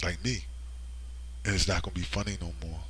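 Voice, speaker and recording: Low, forceful preachy man. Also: steady tone, a little fast, slightly rough. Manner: emphatic, keeps asking "right?". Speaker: online commentator. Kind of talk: preachy monologue vlog.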